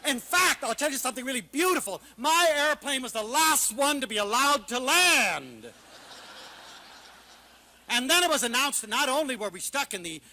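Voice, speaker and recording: A man giving a passionate public talk, telling lively stories and swinging from loud outbursts to hushed asides. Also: extremely high pitch. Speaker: lecturer.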